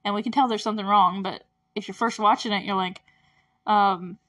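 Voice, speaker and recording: A woman's voice: medium pitch, steady tone, brisk, a bit bright. Woman, podcast host, casual recap, rambling, laughs a lot. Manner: rambling, full of fillers and frequent laughs.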